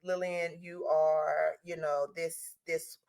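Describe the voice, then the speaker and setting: A woman in her forties co-hosts a podcast in a heartfelt, casual way. Her voice sits low, and she laughs often while she opens up about her family. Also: flat delivery, takes it slowly, creaky, a little mellow. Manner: emotional, laughs a lot. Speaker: podcast co-host. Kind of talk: casual chat.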